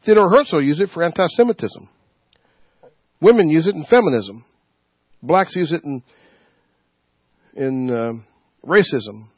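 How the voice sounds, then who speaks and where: A man leading a Bible study, preaching informally in an animated way, laughing and acting out quotes. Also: a little high, measured pace, long pauses, breathy edge, no room sound. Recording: dull, muffled sound.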